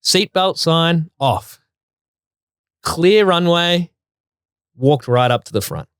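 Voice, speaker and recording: A man's voice: fairly high pitch, animated, slow, fairly bright tone, clean tone, dry recording. Man retelling a story, dry and close. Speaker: co-host. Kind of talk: casual chat reading listener stories.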